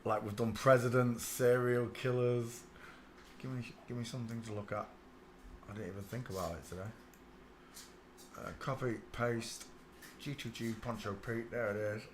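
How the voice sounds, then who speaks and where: A man's voice: mid-range voice, steady tone, moderate pace, long pauses, a little hiss or hum. A man from England with a Northern English accent, hosting a casual livestream and chatting, humming and muttering to himself while he works. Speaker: livestream host.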